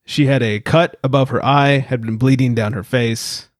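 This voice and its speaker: A man's voice: medium pitch, fairly even intonation, normal speed, no echo, clean studio sound. A man hosting a casual beer podcast, joking around and reading out short news stories. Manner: jokey, reads news stories aloud. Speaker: podcast host. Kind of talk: casual chat.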